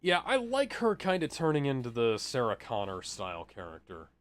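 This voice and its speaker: A man chatting about films in a casual review show. His voice is smooth and clear at a middling pitch, and his humor stays dry and deadpan. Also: moderate pace, no room sound. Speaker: podcast co-host. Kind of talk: casual movie review chat.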